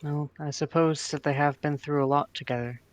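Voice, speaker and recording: A man's voice: on the high side, steady tone, fairly quick, no echo. A man player speaking in character during a tabletop game, thoughtful and formal.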